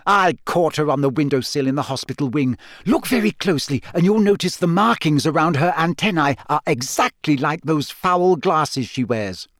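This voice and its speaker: A man voicing a clever, earnest teenage schoolgirl witch in an audiobook, talking in an eager, brisk, know-it-all way. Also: a little high, animated, a bit bright, no echo, clean studio sound, pitched above the performer's own voice. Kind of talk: audiobook character voice.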